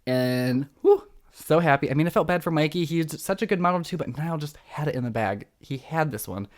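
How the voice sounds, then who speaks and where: Excitable young man recapping reality TV. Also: fairly high pitch, fairly quick. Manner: excitable, dramatic, acts out quotes. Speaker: podcast host.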